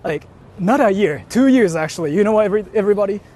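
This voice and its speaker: A man's voice: high voice, lively intonation, fast, a little mellow. A man chats straight to his viewers in a loose vlog style, his voice swooping up and down with a lot of energy. He talks emphatically, keeps checking that his viewers are following, and drops a lot of filler words. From Japan. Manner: emphatic, repeats "see?" and "like" often, swears. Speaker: vlogger. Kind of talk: casual vlog talk to viewers. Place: walking through a convenience store.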